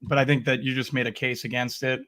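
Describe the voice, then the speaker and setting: A man's voice: medium pitch, little pitch movement, fast talker, bright, forceful tone, no room sound. A man guest on a sports stream, chatting casually and teasing the host, often hesitating and trailing off mid-sentence. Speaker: guest analyst.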